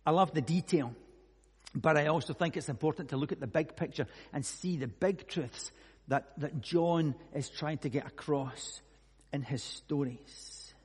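A man preaching a conversational sermon, musing aloud with many rhetorical questions and moving between hushed and loud delivery. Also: fairly high pitch, unhurried, slightly rough. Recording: long echoey hall reverb.

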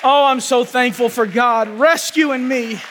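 Very high-voiced preacher in an echoing hall. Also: male voice, a little slow, a crowd in the background, noisy background. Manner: passionate, shouting at peaks, folksy "y'all". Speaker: pastor. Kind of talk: sermon testimony. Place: church sanctuary with congregation.

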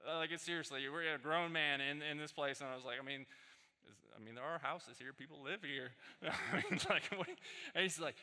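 A man preaching a sermon as pastor, telling stories in a loose conversational way that rises into animated peaks. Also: fairly high pitch, fairly quick. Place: church sanctuary. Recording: reverberant hall.

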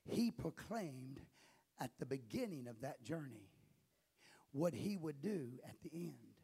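A male pastor preaching a sermon, often building up to impassioned shouting. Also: medium pitch, very animated, takes it slowly, gravelly, husky.

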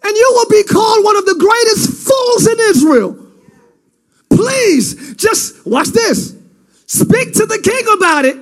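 A male preacher voicing a young woman who loudly pleads with her brother, in his own high voice. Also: big pitch swings, measured pace, heavily acted. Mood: pleading. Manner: loud, pleading and shouted.

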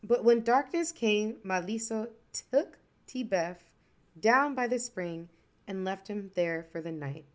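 A woman storyteller narrating a folktale. Her delivery is lively and expressive, and her voice sits at a middle pitch. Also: takes it slowly.

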